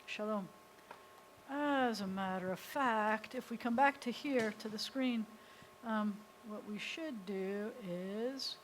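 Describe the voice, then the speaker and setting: A woman's voice: fairly high pitch, slight background noise, low-quality recording. A woman rabbi teaching a beginners' Hebrew class, patiently explaining step by step and sounding out letters. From United States. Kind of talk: live class instruction. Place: synagogue classroom.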